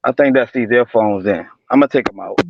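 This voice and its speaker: A man's voice: mid-range voice, fairly quick, gravelly, background noise. A man calling in to a livestream with earphones, easygoing and brief in casual chat. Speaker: caller. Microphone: earphones on a remote call. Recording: dull lo-fi call audio.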